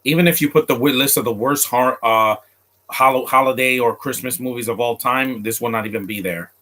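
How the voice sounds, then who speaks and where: A man's voice: mid-range voice, fairly quick, bright, forceful tone. A man streaming live and chatting casually to viewers while reacting to a film, rambling and often stumbling and restarting his sentences. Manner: chats directly to viewers.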